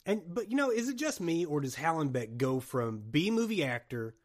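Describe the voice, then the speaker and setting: A man hosting a podcast, chatting about a horror film in a rambling, jokey, animated way. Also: a little high, moderate pace. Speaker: podcast host. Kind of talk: casual movie chat.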